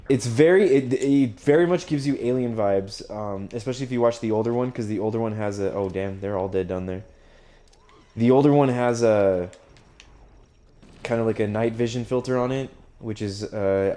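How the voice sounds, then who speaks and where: A man's voice: fairly low pitch, warm tone. A young man gushing and swearing through casual commentary while streaming a video game, laughing often. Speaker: gaming streamer. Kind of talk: casual let's-play commentary.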